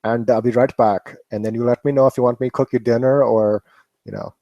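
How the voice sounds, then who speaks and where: A man's voice: medium pitch, fairly even intonation, brisk, gravelly, dark tone, no echo, highs cut off, lightly acted. A man putting on an eager robot servant with an Indian accent. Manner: eager, overly polite. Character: cheerful male robot servant.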